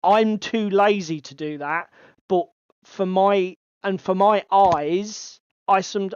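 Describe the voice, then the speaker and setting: A man's voice: high-pitched, fairly even intonation, takes it slowly, smooth. A man hosting a casual hobby podcast, chatty and given to swearing. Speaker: podcast co-host. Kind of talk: casual chat. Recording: slightly dull lo-fi audio.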